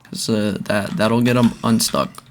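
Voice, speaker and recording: A young man casually talking through a zombie game he is playing, rambling between bursts of excitement. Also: fairly low pitch, measured pace. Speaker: gaming video creator. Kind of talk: casual gameplay commentary.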